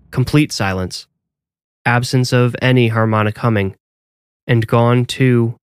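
A man narrating a scripted horror story in a measured, even storytelling way. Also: mid-range voice.

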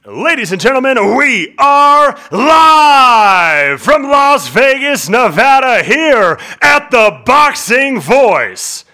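A man doing his booming boxing ring introduction, stretching words out and rolling his R's. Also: very animated, pushed and bright, exaggerated voice. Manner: booming, drawn-out, rolled R's. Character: man in a grand arena announcer voice. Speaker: ring announcer.

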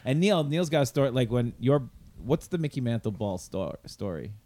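A man's voice: medium pitch, big pitch swings, moderate pace, warm tone. A man hosting a comedy podcast, chatting and laughing as he tells a family anecdote. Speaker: podcast host. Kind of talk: casual podcast chat.

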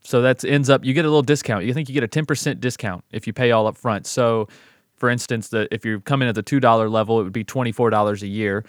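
A man's voice: mid-range voice, no echo, studio quality. A man co-hosting a true crime podcast, joking with his partner and reading ads in an upbeat way. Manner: jokey, upbeat, spells out codes slowly. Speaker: podcast co-host. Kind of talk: casual podcast banter and ad read.

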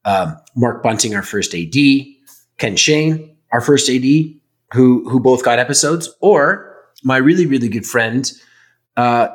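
A man in casual chat answering fan questions, rambling and candid, swearing now and then. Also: mid-range voice. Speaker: podcast host, actor.

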